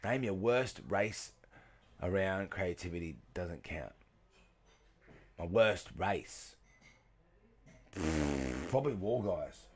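A man livestreaming a game, chatting with viewers, greeting them by name, and shouting when excited. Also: low voice, slow, pauses often, slightly rough. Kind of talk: casual gaming stream commentary.

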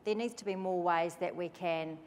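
A woman's voice: fairly low pitch, steady tone, moderate pace. A woman executive speaking on a conference panel, thoughtful and hesitant. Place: conference stage before an audience. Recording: reverberant hall with faint noise.

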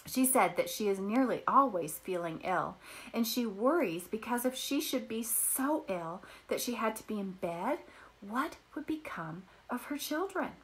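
A woman voicing an eager, kind young peasant girl who talks in a bright, excited way. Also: medium pitch. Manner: bright and excited, bubbling with thanks.

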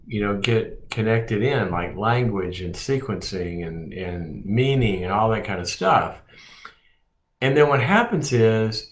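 A man, a psychologist hosting his show, teaching to camera in an animated way, acting out babies and parents and swinging between loud and hushed delivery. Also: lowish voice. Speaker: psychologist host.

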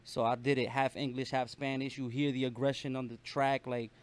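A young man from Brooklyn with a New York accent, talking casually as a rapper guest, animated and full of slang and swearing. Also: mid-range voice. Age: young adult. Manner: fast, animated street slang with frequent profanity. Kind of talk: casual interview chat.

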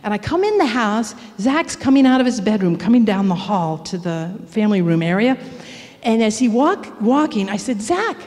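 A woman's voice: medium pitch, animated, moderate pace, darkish tone. A middle-aged woman giving a personal testimony at church. She tells the story with animation and acts out the voices of the people in it. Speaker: church speaker. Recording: long church reverb.

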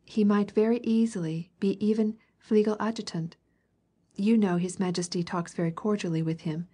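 A woman voicing a fretful, capricious young princess who chatters and complains in a lively way. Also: mid-range voice, normal speed, husky, natural voice. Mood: chattering.

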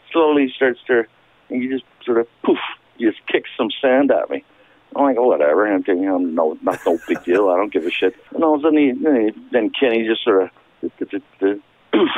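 A man's voice: medium pitch, no echo. A man who drummed in a punk band, rambling through a story with lots of swearing and laughter, heard over a phone call. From Canada. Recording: dry tinny phone line.

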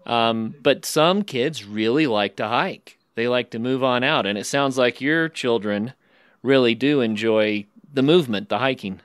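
A male podcast host with a smooth, resonant voice, recorded close and dry with no room sound. He talks in a slow, encouraging, reflective way as he interviews guests. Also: medium pitch, no room sound.

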